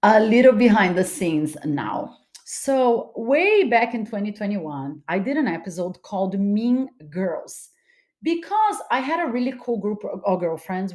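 A woman podcast host telling a personal story in a casual, animated way, acting out what people said. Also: mid-range voice. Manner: animated, dramatic retelling with quoted voices. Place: home studio, California.

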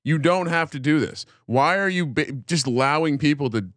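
A man's voice: on the high side, normal speed, a bit bright, no room sound, studio quality. A middle-aged man co-hosting a sports betting podcast, with wry, teasing banter. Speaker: podcast co-host.

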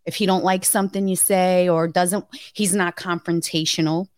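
A woman's voice: lowish voice, fairly even intonation, normal speed, no room sound. Woman co-host, casual and blunt, swears a lot, dry sounding room. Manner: frank, salty, swears freely. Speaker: podcast co-host. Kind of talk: casual chat.

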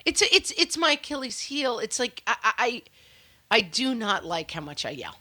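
Wry, lively-voiced woman co-host. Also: on the high side, normal speed, no echo. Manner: wry, self-mocking and teasing. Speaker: podcast co-host. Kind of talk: casual chat.

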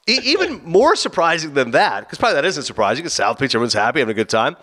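A man rattles through a casual podcast story at a fast clip, his pitch leaping all over as he acts out who said what. His voice is bright and forward, a touch above the usual man's pitch, and he trips into quick stammering restarts when excited. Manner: animated anecdote teller, acts out his own and others' quoted lines.

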